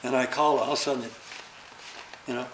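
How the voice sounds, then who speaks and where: An older man, a stuntman, telling an animated story about a past job and acting out the action. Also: medium pitch, fast, a little hiss or hum. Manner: animated, acts out the action with sounds and laughter. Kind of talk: anecdotal storytelling. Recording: roomy recording.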